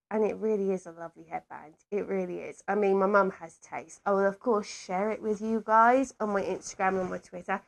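A woman hosts her own podcast and tells a story in a lively, rambling way, often turning to her listeners. Her voice sits high and swoops up and down a lot, and she leans hard on her asides. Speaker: podcast host. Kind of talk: chatty solo podcast storytelling.

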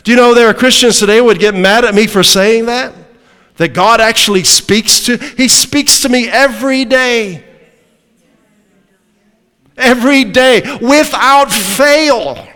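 A man's voice: extremely high pitch, fairly bright tone, clear, resonant tone, long reverb tail. A man preaching a sermon to a congregation, emphatic and throwing rhetorical questions at his listeners.

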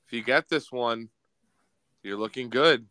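A man's voice: mid-range voice, a little slow, sharp tone, smooth, dry recording, low-quality recording. A young man hosting a casual sports quiz on a podcast, teasing the players and calling out the score. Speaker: podcast host, quizmaster.

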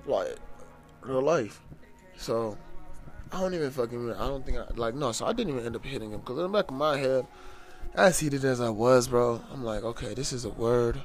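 A man's voice: medium pitch, moderate pace. A young man from the United States recounts a tense run-in in a loose, profane, fired-up way. His voice sits in an ordinary middle register. Faint music plays behind him. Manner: profane, heated, animated retelling. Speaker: storyteller. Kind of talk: casual storytelling to camera.

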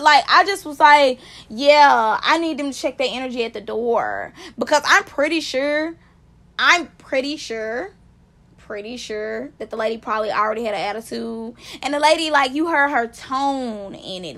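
High-voiced woman ranting animatedly. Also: normal speed. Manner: animated, profane, emphatic ranting; speaks directly to viewers. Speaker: vlogger. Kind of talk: casual storytelling commentary.

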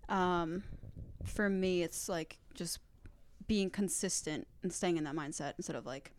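Young woman, low voice, filler-heavy chat. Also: a little slow, slight background noise. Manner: hesitant, many fillers. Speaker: podcast co-host. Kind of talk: casual chat.

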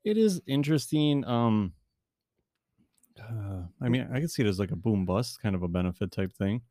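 A man's voice: fairly low pitch, lively intonation, normal speed, mellow, no echo, studio quality. Rambling man talking fantasy football. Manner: rambling with many fillers and restarts. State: has the hiccups. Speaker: podcast co-host. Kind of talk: casual fantasy football chat.

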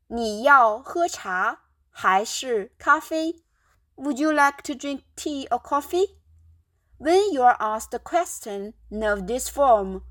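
A woman teaching a beginner Mandarin lesson, breaking sentences into single words and pausing between Chinese and English glosses. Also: a little high, fairly bright tone, no echo, clean studio sound. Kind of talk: slow, carefully articulated language lesson.

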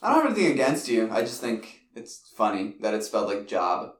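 A man's voice: on the low side, sing-song, fairly quick, roomy sound, far from the mic. A man co-hosting a casual podcast, teasing, with sudden outbursts. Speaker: podcast co-host. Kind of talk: casual chat.

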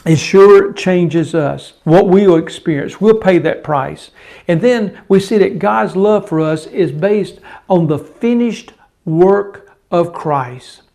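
Older male preacher, unhurried sermon delivery, gravelly tone, emphatic repetition. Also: sits high, mellow. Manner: emphatic, repeats key phrases.

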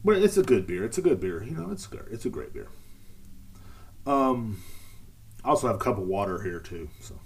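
Male podcast host, lowish voice, loose rambling storyteller. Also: big pitch swings, moderate pace, long pauses. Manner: rambling, jokey storytelling with frequent fillers. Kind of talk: casual solo podcast monologue.

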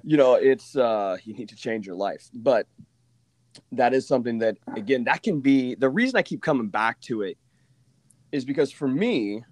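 A man from Oklahoma hosting a casual podcast chat, telling stories with lively asides and mimicking the people he quotes. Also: medium pitch, moderate pace, no room sound. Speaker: podcast host.

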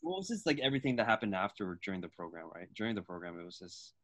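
A young man in casual chat, telling animated stories and swearing freely. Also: lowish voice, rapid-fire, no room sound. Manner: animated storytelling, frequent swearing.

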